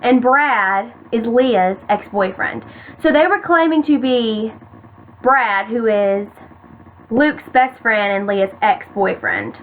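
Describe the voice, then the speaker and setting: A woman's voice: fairly high pitch, takes it slowly. A woman in her late teens telling a personal story to the camera in casual storytime style, full of "like" and "you guys". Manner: chatty, many "like"s, keeps addressing "you guys". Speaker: vlogger. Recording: tinny phone-like audio, faint hiss.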